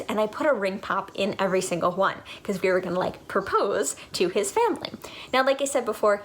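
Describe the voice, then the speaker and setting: A woman in her twenties, a vlogger telling a story to camera in a chatty way, full of "like" fillers. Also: mid-range voice.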